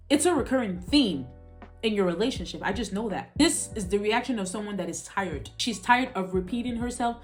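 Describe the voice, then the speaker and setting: Lively exasperated young woman ranting. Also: a little high. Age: young adult. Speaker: reaction video host. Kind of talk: reaction commentary.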